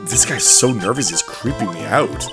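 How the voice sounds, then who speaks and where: A man's voice: fairly low pitch, normal speed, lightly acted. A man voicing a dry, exasperated young male defense attorney over game music. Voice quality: deadpan.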